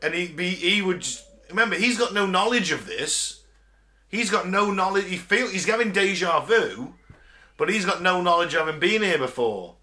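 Bright-voiced sweary man. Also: high voice, lively intonation, normal speed. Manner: rambling, sweary, laughs while retelling scenes. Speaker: podcast co-host. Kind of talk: casual chat recapping a film.

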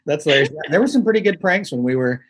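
A man's voice: fairly high pitch, animated, very fast, breathy edge. Easygoing man asking interview questions. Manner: easygoing, chuckles along. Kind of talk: casual interview.

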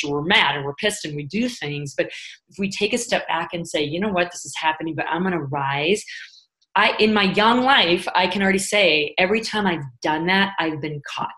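A woman with a somewhat low voice talks as a guest in an interview. She is earnest and emphatic as a motivational speaker. She lifts into animated quoted self-talk when she makes a point. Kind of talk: conversational interview.

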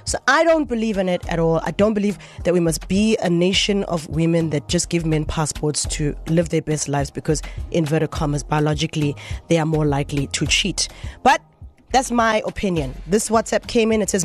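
A woman hosting a radio talk show, lively and emphatic as she shares her opinions. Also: lowish voice, moderate pace. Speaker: radio host.

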